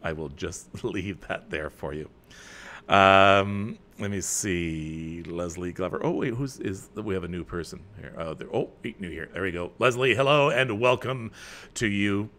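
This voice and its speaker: A middle-aged man from Canada hosting a live chat, reading viewer comments with loud bursts and quiet asides. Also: deep voice, a little slow. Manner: chatty, with many fillers and restarts. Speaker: host.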